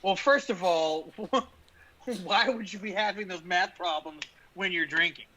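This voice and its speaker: A man on a podcast chatting casually and reading a chapter aloud, easygoing and quick to laugh at himself. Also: sits high, noisy background.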